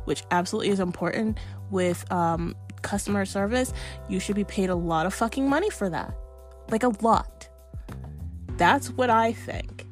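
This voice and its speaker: A woman's voice: medium pitch, a little mellow. Woman ranting, profane and exasperated. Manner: profane, exasperated, emphatic, frequent swearing. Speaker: vlogger. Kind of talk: heated rant to camera.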